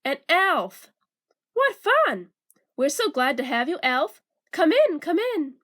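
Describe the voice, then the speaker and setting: A woman reading a children's storybook aloud, voicing a fussy housewife who is quick to shout, with a shrill, excitable manner. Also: full character voice. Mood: delighted.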